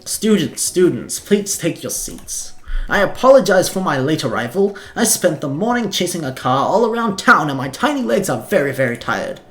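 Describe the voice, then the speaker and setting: A fussy little dog professor lectures his class in a raised, yappy voice, as a man puts him on. He sounds eager and excitable, pitched well above an ordinary man's talk and pushed loud, like a cartoon game character. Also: normal speed, soft background music. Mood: eager lecturing.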